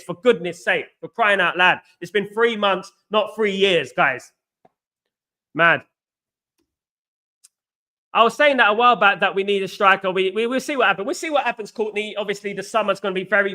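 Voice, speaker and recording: A London-accented host of a live football fan stream reads out viewer comments and responds to them. His high voice comes across bright and forceful, and he speaks animatedly with casual slang sprinkled in. He is from England.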